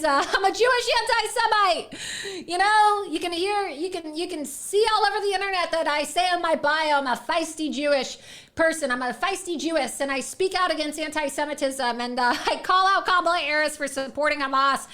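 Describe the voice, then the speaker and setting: A woman's voice: high-pitched, bright, forceful tone. A young woman hosting her own political show, delivering a sarcastic, defiant, profane monologue to camera. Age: young adult. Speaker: host of an online political show.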